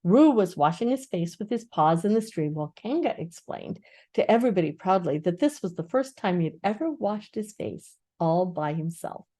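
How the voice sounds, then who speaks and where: An older woman, a grandmother, reading a children's book aloud with expressive storytelling. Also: on the low side, normal speed.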